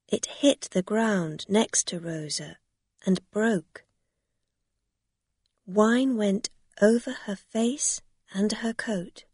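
A woman narrating a story in a slow, deliberate reading. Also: medium pitch, a little mellow, husky, dry recording, clean studio sound.

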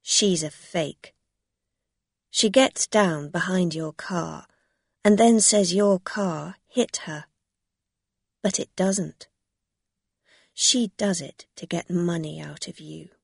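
Dorothy, una donna che fa una donna decisa e astuta. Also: female voice, on the low side, slow pace, creaky, long pauses, a little mellow, slightly rough, no room sound, clean studio sound, full character voice. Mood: firm. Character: shrewd determined woman who confronts a swindler.

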